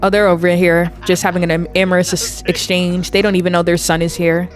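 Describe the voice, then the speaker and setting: A woman's voice: fairly low pitch, little pitch movement, fairly quick, soft background music. Chatty woman narrating her gameplay. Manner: chatty, amused, narrates characters' actions. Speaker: gameplay video creator. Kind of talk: casual life-sim gameplay commentary.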